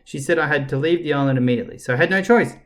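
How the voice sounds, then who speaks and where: A man's voice: on the high side, racing, close to an everyday voice. A man voicing a cruel, scheming female villain doctor who purrs and hisses her words with mock politeness. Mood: bitter explaining. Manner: purring, hissing, mock-polite.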